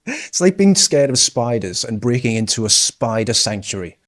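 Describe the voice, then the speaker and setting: A man's voice: mid-range voice, sing-song, normal speed, fairly bright tone. A man giving sarcastic, mocking political commentary over clips. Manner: sarcastic, mocking, with scornful laughs.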